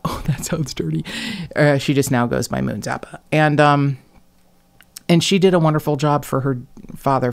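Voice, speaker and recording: A woman with a flat Midwestern accent hosting a podcast, chatting casually, blunt and sarcastic with frequent swearing. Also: deep voice. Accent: Midwest General American. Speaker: podcast host.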